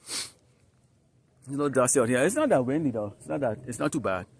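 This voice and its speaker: This street preacher talks fast in a husky, mid-range voice with vocal fry and big pitch swings. He reads scripture in an outdoor sermon amid dust and a light wind, speaking emphatically and repetitively while peppering listeners with "Huh?" and "All right?".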